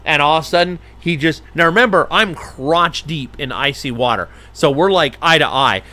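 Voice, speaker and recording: Animated storytelling man, fairly high voice. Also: moderate pace. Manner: animated, acts out voices in his stories. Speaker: falconer hosting a live stream. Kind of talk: casual storytelling.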